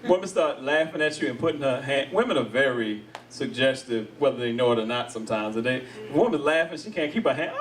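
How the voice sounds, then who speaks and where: Animated male stand-up comic on stage. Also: medium pitch, normal speed, few pauses, slight background noise. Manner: animated, acts out quoted voices, laughs along with the crowd. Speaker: stand-up comedian. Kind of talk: live stand-up comedy. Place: comedy stage before a live audience. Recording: distant mic with loud audience laughter. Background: audience laughing.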